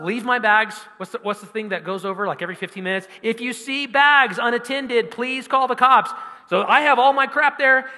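A young man preaching, telling a personal story with animated energy and rising volume as he drives to his point. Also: sits high. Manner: animated storytelling, loud when quoting himself. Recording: long hall reverb.

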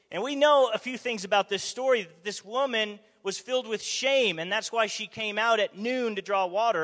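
A man preaching a conversational sermon, animated, asking the audience rhetorical questions, in a church or meeting hall. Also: high-pitched. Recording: long hall reverb.

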